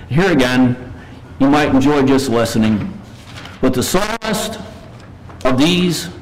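A man preaching a morning sermon, reading scripture slowly and earnestly and pleading with his listeners. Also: medium pitch, slight background noise, rough recording. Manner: reads verses slowly and earnestly, pleads with rising intensity.

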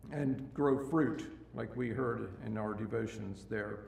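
A male preacher with a gravelly voice delivers a sermon in a church. He swings from loud, emphatic rises to quiet, low passages and often repeats himself as he restarts a thought. He is picked up from some distance in a roomy, echoing space. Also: takes it slowly, few pauses. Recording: echoey room, mic at a distance.

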